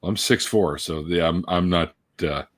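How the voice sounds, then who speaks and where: A man's voice: low-pitched, moderate pace. A man hosting a casual live-stream conversation over a video call, reading out the chat, laughing often and swearing casually. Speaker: host interviewing a guest, reading live chat.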